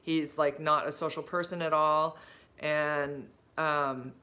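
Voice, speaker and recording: Bright-voiced chatty middle-aged woman. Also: low-pitched, flat delivery, slow pace. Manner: rambling and chatty, many fillers and restarts. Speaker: livestream host. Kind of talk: casual live-stream chat, answering viewer comments.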